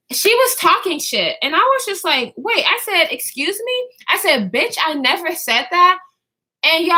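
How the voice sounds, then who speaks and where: A young woman chats straight to her viewers in a high, bright voice that swoops up and down as she tells her story. She talks casually and slangily, swears freely, and often breaks off mid-sentence to start again. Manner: animated, slangy, swears freely, trails off and restarts. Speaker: vlogger telling a story.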